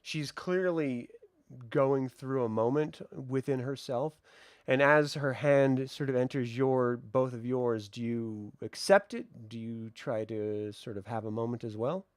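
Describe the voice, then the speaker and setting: A man narrating a tabletop game as game master in a slow, descriptive way. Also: mid-range voice, steady tone, clean tone, dry recording, clean studio sound. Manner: slow, descriptive, with hedging "sort of".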